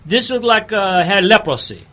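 A man acting out a rambling bayou gator hunter, his put-on drawl pitched high above the usual. Fillers pile up as he wanders through his cigar verdict in a comic radio bit. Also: animated, moderate pace, sharp tone. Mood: deadpan rambling. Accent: put-on Southern bayou drawl. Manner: rambling with many "you know" fillers. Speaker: cigar reviewer.

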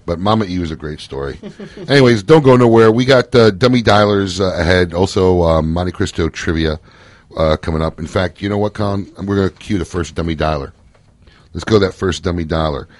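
A man's voice: low-pitched, a little fast, no room sound. A man hosting a talk radio show, easygoing and jokey as he thanks callers and introduces segments.

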